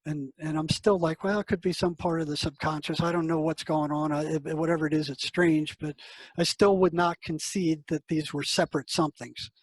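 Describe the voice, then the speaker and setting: Husky higher-pitched older man telling a story. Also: fairly even intonation, fairly quick, no room sound, poor audio. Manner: casual, conversational, acts out quoted dialogue. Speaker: psychotherapist guest. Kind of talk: storytelling interview answer.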